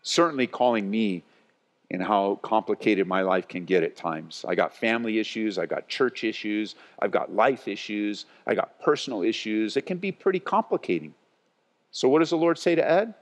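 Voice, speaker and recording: Lively pastor preaching in a reverberant hall. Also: male voice, fairly low pitch, normal speed. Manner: animated, swings between loud and hushed. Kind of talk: sermon. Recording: long church hall reverb.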